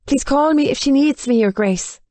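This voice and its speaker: A nervous young maid, as a woman narrator puts her on, timid and deferential, her voice high and hesitant. The audiobook recording is close and dry. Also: expressive, unhurried, darkish tone, dry recording.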